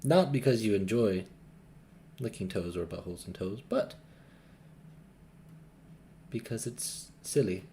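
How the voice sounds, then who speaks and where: A young man co-hosting a podcast in casual chat, goofy and quick to laugh at his own jokes. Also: fairly low pitch, expressive, vocal fry, dark tone, a little hiss or hum. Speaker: podcast co-host.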